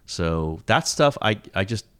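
A middle-aged man hosting a casual sports talk show, rambling and animated, with frequent restarts and the odd swear. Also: fairly low pitch, measured pace, clear, resonant tone. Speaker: sports columnist and podcast host.

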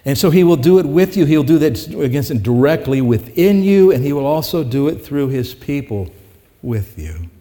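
The pastor here has a warm, sing-song voice on the high side and speaks at normal speed. Addressing his congregation in the church sanctuary, he preaches conversationally and swells to emphatic peaks, with long hall reverb in the recording.

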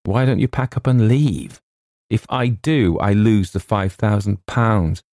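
A man's voice: on the low side, a little slow, darkish tone, dry recording, studio quality. A man doing a fretful young bachelor. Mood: anxious. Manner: earnest, anxious.

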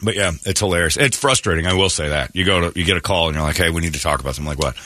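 A man's voice: low voice, very fast, bright, forceful tone. A man hosting a radio morning show, ranting sarcastically in a talk radio monologue.

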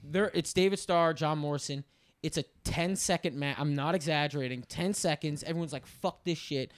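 A man co-hosting a podcast, telling an animated, rambling story full of fillers and swearing. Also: fairly high pitch, brisk. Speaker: podcast co-host.

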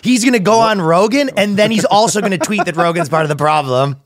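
A man's voice: high-pitched, fast. A man co-hosting a comedy podcast in casual chat, joking and laughing often. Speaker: podcast co-host.

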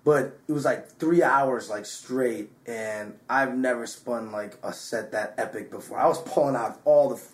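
A slightly drunk man, a DJ, telling a story in an excitable, casual way, swearing often and full of filler words. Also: mid-range voice, a little slow, hardly any pauses, echoey room. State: a bit drunk. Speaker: DJ and guest. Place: hotel room.

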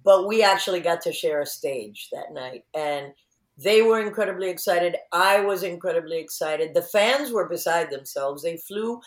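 A woman's voice: fairly low pitch, normal speed, reverberant. A woman guest in an interview, chatting casually and acting out quotes as she tells stories. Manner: animated storyteller, acts out quotes.

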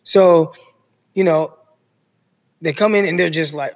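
A man's voice: a little high, slow, pauses often, in a large hall. A man in his thirties from California, a guest telling his story in casual chat and acting out what others said. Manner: animated, acts out others' voices.

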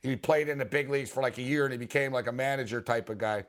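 A man hosting a sports talk show, telling stories in a rambling, excitable way. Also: mid-range voice, fast. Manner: rambling, excitable storytelling with laughs and acted quotes. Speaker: sports radio host.

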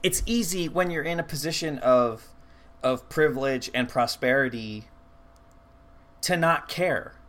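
Male podcast co-host, bright tone, loose and profane, quick to laugh. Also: medium pitch. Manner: swears freely, laughs often, restarts sentences. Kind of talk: casual movie recap chat.

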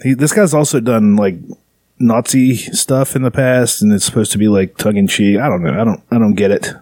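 A man talks casually as a podcast host, wandering through his thoughts with plenty of fillers and a sarcastic edge. His voice sits low. The sound is dry and close. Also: fairly quick, darkish tone, no echo. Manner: rambling, sarcastic, lots of fillers. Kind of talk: casual chat.

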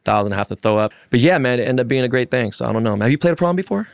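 A man co-hosting a golf podcast, telling animated stories and acting out the lines of the people in them. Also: mid-range voice, very fast, vocal fry, no echo, studio quality. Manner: animated storyteller acting out quotes. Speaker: podcast co-host. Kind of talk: casual storytelling. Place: golf course.

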